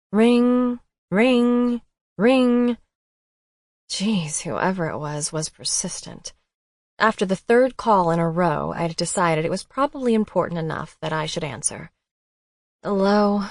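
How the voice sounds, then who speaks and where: A woman narrating a romance audiobook in the first person, expressive and emotional. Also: lowish voice, creaky, no echo, studio quality.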